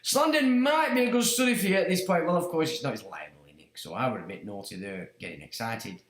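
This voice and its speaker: A man's voice: fairly high pitch, animated, quick pace. A man hosting a livestream, telling a story in a casual, mocking, swearing way, laughing often. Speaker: livestream host. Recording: roomy echo.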